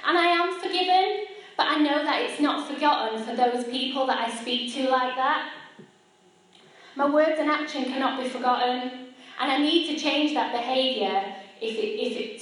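A high-pitched woman in her thirties gives a personal faith talk, chatty and self-deprecating as she speaks directly to the crowd. Her voice rings through a large, very echoey hall. It is picked up from some distance away. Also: fairly bright tone. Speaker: speaker at a church gathering.

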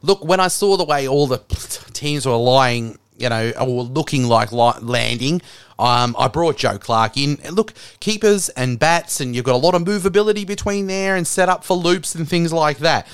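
A man hosting a fantasy cricket podcast in casual, rambling solo chat, frank and quick to laugh. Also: a little high, smooth, no echo.

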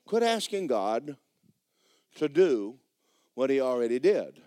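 A man preaching a sermon as pastor, swinging from shouted bursts to low, quiet lines and acting out dialogue. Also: big pitch swings, slow pace, no echo, studio quality. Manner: acts out dialogue in dramatized voices. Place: church sanctuary.

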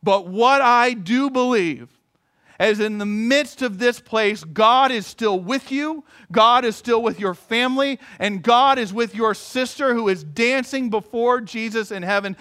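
A man preaching a sermon as pastor, telling a story in an earnest manner with long measured pauses. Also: very high voice, pushed and bright.

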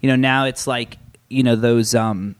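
A man's voice: mid-range voice, fairly even intonation, normal speed, clean tone, no room sound. Young male guest, meandering casual talker, mid-range voice, dry mic. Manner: rambling, fills nearly every phrase with "like". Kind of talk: casual chat.

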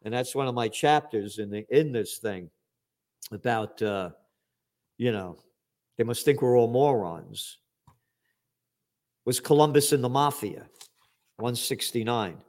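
An older man giving an indignant, profane commentary monologue, swinging from loud outbursts to low muttering. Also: expressive, measured pace, long pauses. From United States.

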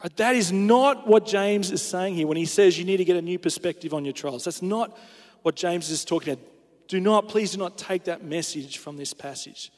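A man's voice: high-pitched, a little mellow. A male pastor preaching a sermon, earnest and emphatic, asking rhetorical questions. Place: church sanctuary. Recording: church hall with long reverb.

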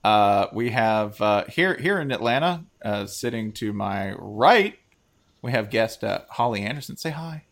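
A man's voice: lowish voice, animated, a little slow. A man hosting a podcast in casual, joking chat, often trailing off with fillers as he speaks. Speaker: podcast host. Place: studio.

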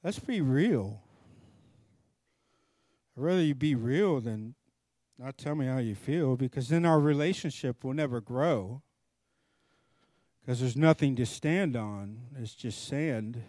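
A middle-aged man preaching, telling a story in an animated way and acting out both sides of a conversation. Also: mid-range voice, takes it slowly, pauses often, no room sound, clean studio sound. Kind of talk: storytelling sermon.

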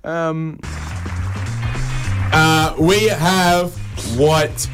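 A man's voice: brisk, faint music behind. A man with an Australian accent hosting a community radio show, delivering a joking monologue and bantering, often jumping up into other people's voices. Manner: animated, jokey, voices other people with big pitch jumps. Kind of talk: comic monologue and studio banter.

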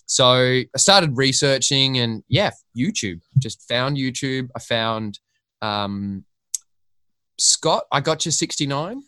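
A man's voice: mid-range voice, lively intonation, slow, sharp tone, smooth, dry recording. An Australian man, a podcast guest, rambling through a story in casual chat and swearing freely.

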